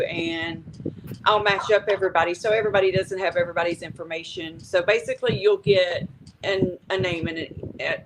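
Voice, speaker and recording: Woman, chatty live-stream host, home recording with steady hiss. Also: lowish voice. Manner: chatty, many ums and you-knows, friendly explaining. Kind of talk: casual chat. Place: home room by a fireplace with a fan running.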